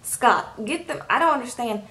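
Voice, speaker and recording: A woman casually recapping a reality show in a sassy, animated way and acting out what people say. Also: a little high, moderate pace, roomy sound. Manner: animated, sassy, acts out quotes. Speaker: YouTube reality-show reviewer.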